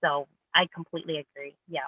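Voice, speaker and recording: A woman's voice: deep voice, flat delivery, fast talker, breathy edge, dry recording. Eager woman guest on a tinny phone line, dry sound. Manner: upbeat, eager, many restarts. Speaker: real estate agent guest. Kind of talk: casual interview chat.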